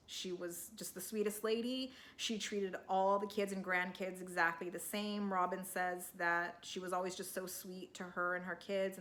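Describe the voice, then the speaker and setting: A woman's voice: mid-range voice, fairly bright tone. A woman talking through a TV episode recap in a casual, emotional, rambling way, full of restarts. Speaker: TV recap vlogger.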